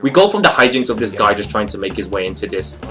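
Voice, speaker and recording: Lively young man reviewing a short film. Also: on the low side, quick pace. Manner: expressive, rambling with fillers. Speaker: video reviewer. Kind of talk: casual video review.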